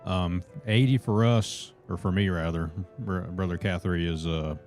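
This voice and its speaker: A man's voice: low voice, normal speed, soft background music. A man chatting casually on a gameplay livestream, talking to viewers and calling them brothers. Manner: relaxed, chatty, reads chat and greets viewers as brothers.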